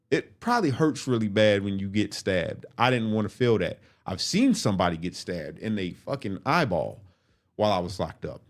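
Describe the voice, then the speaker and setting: A man casually retelling a personal story to the camera in blunt, animated street slang. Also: lowish voice.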